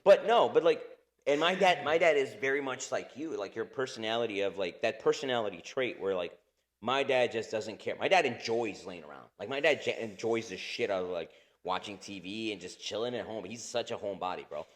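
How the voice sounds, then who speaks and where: A man's voice: lowish voice, expressive, brisk. A man in his thirties co-hosting a podcast in casual chat, rambling, swearing a lot and laughing often. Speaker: podcast co-host.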